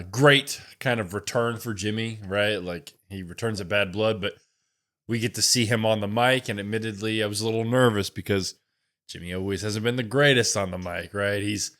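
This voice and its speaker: A man co-hosting a wrestling podcast, giving his opinions in a relaxed, casual chat and thinking out loud. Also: on the low side. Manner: relaxed, thinks aloud with fillers like "right?".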